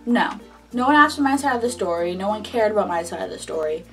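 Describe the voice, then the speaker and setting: A young woman vlogger telling a first-job story in casual, animated chat, with lots of "like" between phrases. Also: medium pitch, fast, far from the mic, faint music behind. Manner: chatty and animated, heavy on "like".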